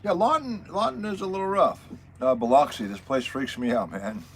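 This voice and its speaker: A man's voice: mid-range voice, normal speed, slight background noise, poor audio. A man hosting a casual livestream chat, wry and talkative as he greets his viewers. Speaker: livestream host.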